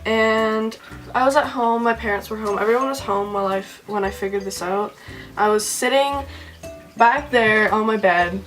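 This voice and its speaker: Young woman vlogging a storytime, says like constantly, mid-pitch, faint music behind. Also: normal speed, fairly bright tone. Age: young adult. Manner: says "like" constantly, chatty and emotional. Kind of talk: casual storytime.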